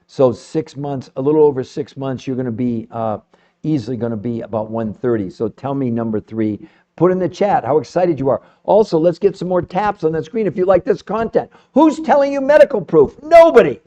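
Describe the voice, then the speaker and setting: Fired-up man on a lo-fi live stream. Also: a little fast. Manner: fired-up, swearing, swings between calm number-reading and loud pitching. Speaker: host of a live health stream. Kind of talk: live-stream talk to viewers.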